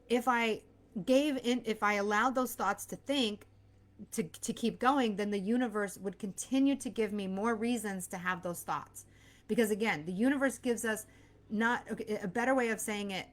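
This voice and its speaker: Speaking at a normal speed with a medium-pitched voice, this woman is a mindset coach and host in her thirties who is pregnant. Her motivational talk is casual and earnest, and she often plays out the anxious voices in her head.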